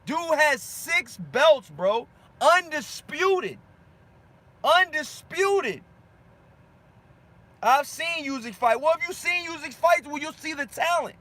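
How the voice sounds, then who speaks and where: This male boxing channel host goes on a fired-up, slangy rant at viewer comments, hammering points by repeating himself. His very high voice is expressive, pushed and bright. He speaks slowly and pauses often.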